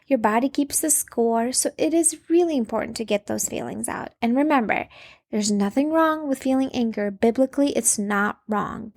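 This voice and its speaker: Woman, 30s, podcast host, fairly high voice, casual, filler-heavy, soft laughs. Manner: chatty, frequent fillers, laughs softly.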